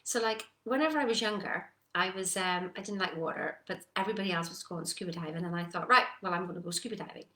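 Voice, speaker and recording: A woman giving a casual motivational talk, animated and acting out her own doubts. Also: lowish voice, fast talker, hardly any pauses. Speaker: personal development coach. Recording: echoey room.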